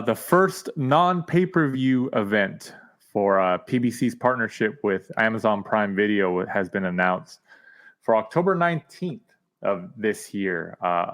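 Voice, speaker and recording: A man hosting a podcast, easygoing and asking his guest questions. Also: fairly low pitch. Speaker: podcast host. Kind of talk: casual podcast chat.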